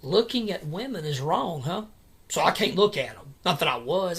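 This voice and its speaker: A man in an angry personal vlog rant at home at night, agitated and repetitive, with halting restarts. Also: fairly high pitch, very animated, fairly bright tone, breathy edge. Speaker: vlogger.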